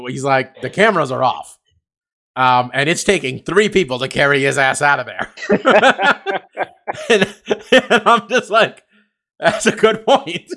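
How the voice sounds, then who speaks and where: This male podcast co-host from California has a mid-range, pushed, bright voice. He chats casually and rambles, cursing a lot and leaning heavily on fillers.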